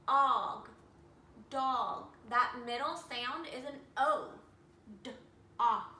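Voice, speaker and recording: A woman teacher giving an early reading lesson to young children, slowly sounding out letters and words. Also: on the high side, sharp tone, slight background noise. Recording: echoey room, mic at a distance.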